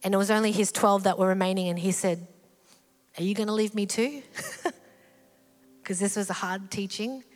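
A woman preaching a sermon in a church hall, animated and acting out the voices in the story. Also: medium pitch, normal speed, long pauses. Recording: hall reverb with faint music.

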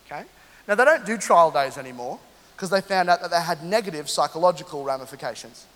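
A man in his thirties from London, a pastor telling an animated, humorous story during a sermon and speaking straight to the congregation. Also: on the high side, fast talker. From London, England. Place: church hall. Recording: long hall reverb.

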